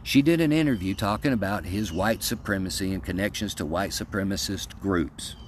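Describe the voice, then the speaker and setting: A man's voice: low voice, moderate pace, a little hiss or hum. A man giving a casual opinion rant in a folksy, emphatic, rambling way, often restarting his sentences. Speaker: political commentator.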